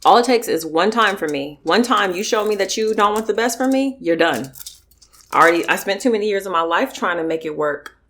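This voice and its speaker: A young woman from California chats to her viewers between mouthfuls of food. She talks bluntly and with emphasis, direct and casual, in a mid-pitched voice. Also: lively intonation, fairly quick, fairly bright tone, slight background noise. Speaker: mukbang vlogger. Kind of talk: casual eating vlog chat.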